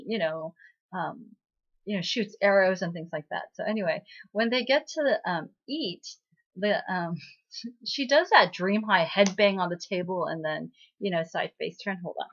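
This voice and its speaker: A woman's voice: mid-range voice, normal speed, lo-fi sound. A woman casually recapping a TV drama episode, chatty and full of fillers, acting out the characters' lines as she goes. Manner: chatty, lots of fillers, acts out quoted lines.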